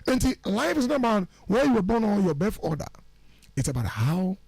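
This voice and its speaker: A man speaking as a guest on a radio show, giving lively, preachy advice on how to order your life and mixing English phrases into his speech. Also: high-pitched, brisk. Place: radio studio.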